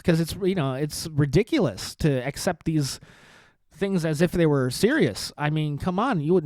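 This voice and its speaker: Sarcastic, rambling man with a lively voice. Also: sits high, dry recording. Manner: repeats himself and asks rhetorical questions. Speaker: podcast host. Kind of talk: casual political rant.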